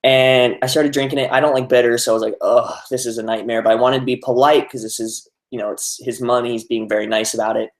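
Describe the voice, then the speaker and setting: A man's voice: medium pitch, level tone, fast, hardly any pauses. A young man chatting casually on a live stream, reading out viewer comments, with many fillers. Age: young adult. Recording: roomy echo.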